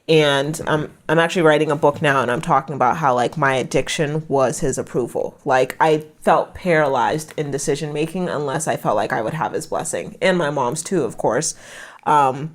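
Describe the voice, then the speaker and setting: Young American woman with a low voice. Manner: frank, animated retelling with laughter. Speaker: podcast guest, branding specialist. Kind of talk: candid conversational storytelling.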